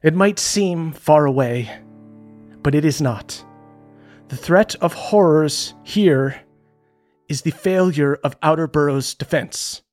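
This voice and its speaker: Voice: medium pitch, takes it slowly, a little mellow, soft background music, close to an everyday voice. A game master voicing a pompous aristocratic male politician who makes grandiose speeches.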